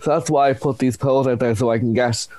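A man's voice: medium pitch, fast talker, no echo. A young man with an Irish accent chatting as a guest, telling stories animatedly. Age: young adult. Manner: animated storyteller, acts out voices. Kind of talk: casual chat.

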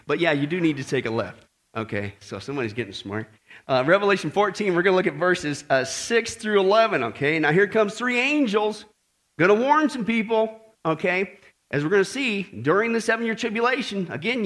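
Animated, bright-voiced male preacher. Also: high-pitched. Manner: animated, joking with the congregation. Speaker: pastor. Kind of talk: sermon.

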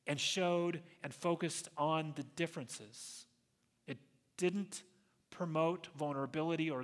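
Earnest preacher, slightly high voice, echoing hall. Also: male voice, fairly bright tone. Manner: earnest storytelling, slows down to stress key phrases. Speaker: pastor. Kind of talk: sermon. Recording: long reverb of a large hall.

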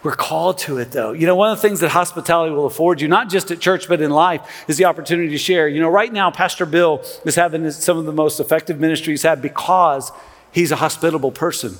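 A middle-aged man, a pastor, preaching a sermon in a conversational, animated way with sarcastic asides and frequent restarts. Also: a little high, fast talker. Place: large church sanctuary. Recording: long reverb of a large church hall.

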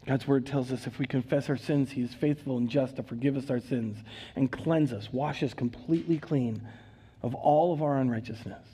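A man with a Minnesotan accent preaching a sermon in a church, earnest, reading scripture with dramatic rises and leading prayer in a hushed voice. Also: mid-range voice, steady tone, normal speed, breathy edge. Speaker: pastor. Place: church sanctuary.

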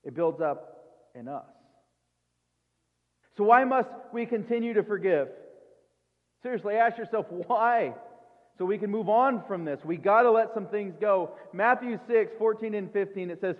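High-voiced preacher in an echoing hall. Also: male voice, expressive. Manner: conversational, with quick asides and rhetorical questions. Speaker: pastor. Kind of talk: sermon. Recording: tinny phone-like sound in a reverberant hall.

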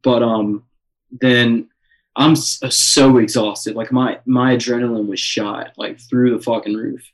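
Young man, casual storyteller, sweary, mid-pitched, talks in bursts with lots of fillers. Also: a little slow, rough recording. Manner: excited, swears a lot, many fillers. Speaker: guest telling a story.

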